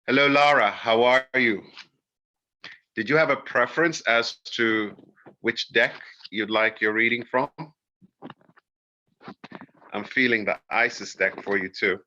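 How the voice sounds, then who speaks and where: A man giving a livestreamed oracle card reading, talking in a soft, earnest, emotional and spiritual way. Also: mid-range voice, a little slow, pauses often. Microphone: phone. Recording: dull lo-fi phone livestream audio.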